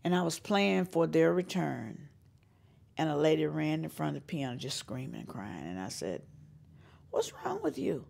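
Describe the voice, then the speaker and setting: A woman's voice: sits low, moderate pace, gravelly. An older woman from North Carolina, a singer-songwriter telling stories in an interview and acting out the voices of the people in them. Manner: animated storyteller, acts out quoted voices, laughs often. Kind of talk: storytelling interview.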